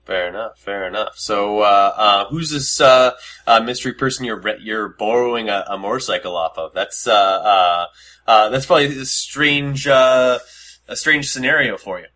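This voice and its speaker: Chatty Canadian man, bright voice. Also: on the low side, normal speed. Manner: chatty, joking, stammering restarts. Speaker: interview host. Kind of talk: casual interview.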